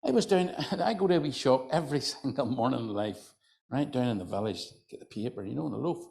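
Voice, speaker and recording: A man's voice: mid-range voice, expressive, a little fast, gravelly, darkish tone. An older man from County Antrim with an Antrim accent, telling humorous folk stories to a live audience in a chatty, teasing way. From County Antrim, Northern Ireland. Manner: chatty, teasing, lots of "you know". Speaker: folklorist storyteller. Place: hotel function room.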